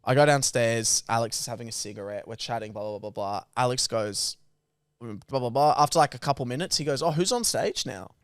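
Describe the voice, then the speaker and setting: A man's voice: mid-range voice, brisk, clear, resonant tone, no room sound, clean studio sound. A man hosting a podcast, telling stories in casual chat and swearing freely. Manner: animated storyteller, swears freely. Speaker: podcast host.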